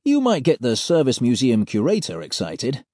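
Wry man narrating, mellow and lively. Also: medium pitch, moderate pace, no room sound, studio quality. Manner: wry, deadpan delivery. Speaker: audiobook narrator. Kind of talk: scripted first-person narration.

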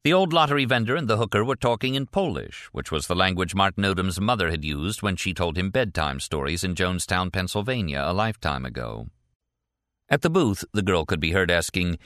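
A man narrating an audiobook in a steady, deliberate reading voice. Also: low voice, dry recording, clean studio sound. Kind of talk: scripted narration.

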